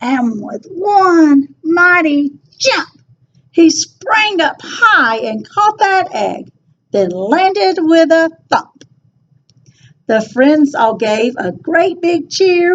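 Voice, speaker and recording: A woman reading a rhyming children's picture book aloud in an expressive, sing-song storytelling voice. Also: very high voice, very slow, dull audio, a little hiss or hum.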